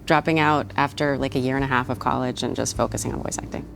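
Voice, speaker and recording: A woman's voice: extremely low pitch, steady tone, fast, creaky, faint music behind. A woman in her forties, a voice actor, chatting playfully over a meal and laughing often. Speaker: guest, voice actor. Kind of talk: casual chat over a meal.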